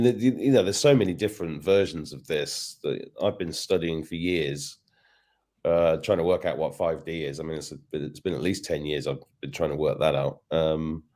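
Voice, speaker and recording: A man hosting a podcast interview, asking halting questions with fillers. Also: sits low, a little mellow. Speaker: podcast host. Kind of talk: casual interview chat.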